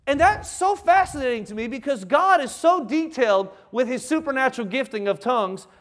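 A man in his seventies with a Southern US accent, preaching with folksy energy. His voice sits very high for a man. He keeps the sermon lively with playful impressions and easy asides to the church. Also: brisk. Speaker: pastor.

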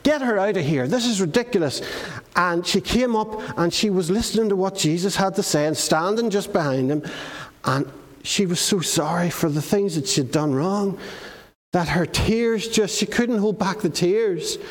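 A man's voice: high-pitched, moderate pace. A man giving a children's talk in church, telling a story and asking the children questions. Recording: reverberant hall.

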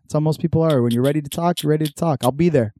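A man's voice: on the high side, rapid-fire, warm tone, dry recording. A man in his thirties chatting casually, telling profane, laid-back stories full of quoted voices. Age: 30s. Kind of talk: casual chat.

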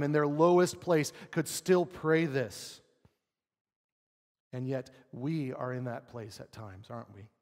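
Guy preaching in church, earnest, asks the room questions, goes quiet reading verses, big reverby hall. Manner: earnest, rhetorical questions, drops to quiet low reading of scripture. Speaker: pastor. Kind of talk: sermon.

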